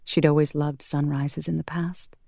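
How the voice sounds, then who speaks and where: Calm, measured audiobook narrator. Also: medium pitch, gravelly, no room sound, studio quality. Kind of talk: scripted narration.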